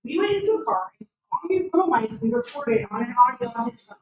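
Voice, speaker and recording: A woman's voice: a little high, quick pace. Woman telling a story, voice jumping all over, acts out the lines, kinda far off in an echoey room. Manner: animated, acts out quoted dialogue. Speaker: actress and teacher. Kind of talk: casual chat, anecdote.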